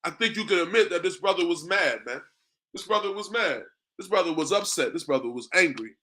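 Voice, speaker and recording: A man with a bright, forceful voice set a little high preaches in a loose street-corner style. He speaks, peppers his talk with "man," and slows into a measured cadence when quoting scripture. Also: expressive. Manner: conversational, repeats "man" and "you know what I mean"; reads scripture in a slow, drawn-out cadence.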